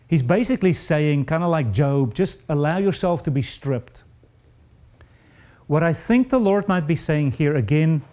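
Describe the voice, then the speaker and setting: A man delivering a sermon at an unhurried, deliberate pace. His voice is warm and mellow, and his pitch sits a little high for a man. He preaches earnestly and confessionally, climbing higher when he stresses difficult verses.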